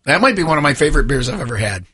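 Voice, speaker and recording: Husky bright-voiced male host. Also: mid-range voice, very animated, very fast. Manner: talkative, jokey storyteller. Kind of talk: casual chat.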